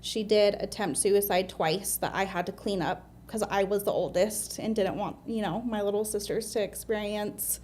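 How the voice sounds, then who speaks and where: A woman's voice: medium pitch, fairly even intonation, moderate pace, hardly any pauses, darkish tone, a little hiss or hum. An American woman in her thirties, a guest on an interview show, talking candidly and earnestly with fillers and restarts. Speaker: guest, admissions medical assistant.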